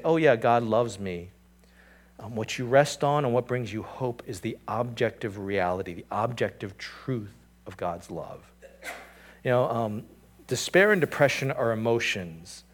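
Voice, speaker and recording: A man preaching a sermon as pastor, moving between quiet, low scripture reading and raised, emphatic points, often asking the congregation rhetorical questions. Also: animated, normal speed. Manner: repeats and restarts phrases, asks the congregation rhetorical questions.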